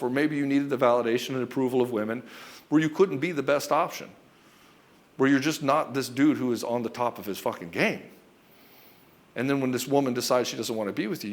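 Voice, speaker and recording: Speaking straight to the camera in a medium-pitched voice, a man gives a relationship coaching monologue. He's blunt and emphatic, swears often, and calls the listener "brother" and "dude."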